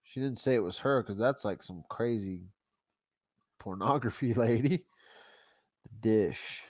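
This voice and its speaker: A man hosts a livestream in a loose, easygoing way, dropping casual slang and thinking out loud. His voice sits at an ordinary pitch. The sound is dry and close. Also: a little slow, no echo. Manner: rambling, laid-back, talks to himself while browsing; casual slang, says y'all. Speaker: YouTube channel host.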